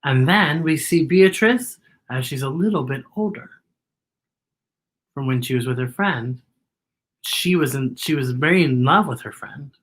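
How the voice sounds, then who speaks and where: A woman reading a picture book aloud to children, animated and pointing out the illustrations. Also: sits low, unhurried, husky. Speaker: children's storyteller.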